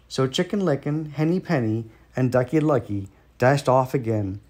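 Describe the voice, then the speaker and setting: A man with an American accent reading a children's storybook aloud in a lively, expressive way. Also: medium pitch, normal speed, few pauses.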